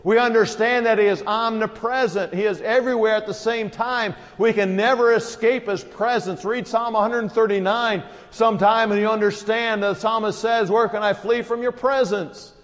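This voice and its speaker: High-voiced man preaching in a reverberant hall. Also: fairly even intonation, moderate pace, hardly any pauses. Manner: earnest preaching, rising to emphatic peaks. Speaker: pastor. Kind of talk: sermon.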